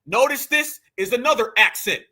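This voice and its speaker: A man's voice: very high-pitched, expressive, normal speed, sharp tone, breathy edge. A man hosting a heated reaction commentary, blunt and profane, calling his viewers family. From United States. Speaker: commentary show host.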